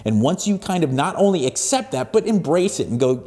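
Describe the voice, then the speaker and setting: Solo podcast host, male, forties; warm, low-brightness voice, energetic delivery that drops quiet then punches up. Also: fairly quick, few pauses. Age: 40s. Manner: emphatic, profane, swings between hushed and loud. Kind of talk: solo motivational podcast talk.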